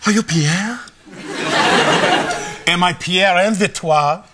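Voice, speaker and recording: A man with a high voice improvises a comic scene, hamming up a mock-romance with theatrical flourish. Heavy noise from the television studio fills the background. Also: slow. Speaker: improv performer.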